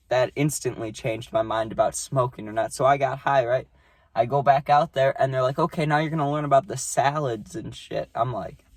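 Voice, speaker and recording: A man's voice: mid-range voice, dry recording. A young man telling a story about his job in a casual, rambling way, swearing freely.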